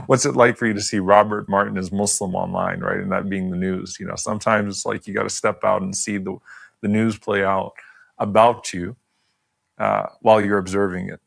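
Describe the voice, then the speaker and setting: A man hosting an interview, asking questions and reflecting in a measured, thoughtful way. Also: lowish voice, steady tone, vocal fry, fairly bright tone. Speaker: podcast host. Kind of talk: conversational interview.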